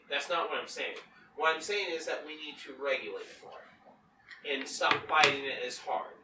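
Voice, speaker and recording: A male podcast co-host argues his point in a casual debate, swearing and repeating himself. His fairly high, sharp-toned voice sounds far from the mic, in a roomy recording with faint noise.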